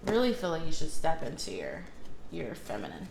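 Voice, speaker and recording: A woman's voice: deep voice, wildly swooping pitch, moderate pace, vocal fry, darkish tone, slight background noise. A woman tarot reader talking casually, rambling with many fillers and self-corrections as she gives spiritual advice. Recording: echoey room with faint ambience.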